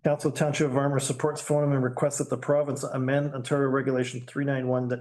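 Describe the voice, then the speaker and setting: A man's voice: medium pitch, little pitch movement, fast talker, a little mellow. Guy chairing a town council meeting, casual and dry, reading the agenda. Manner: casual, plainspoken, dry asides. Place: council chamber.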